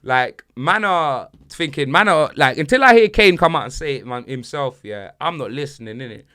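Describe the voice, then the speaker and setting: Animated man, bright excitable voice. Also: mid-range voice, normal speed. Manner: animated, loud bursts, heavy slang, laughing asides. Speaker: football podcast host. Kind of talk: casual banter podcast.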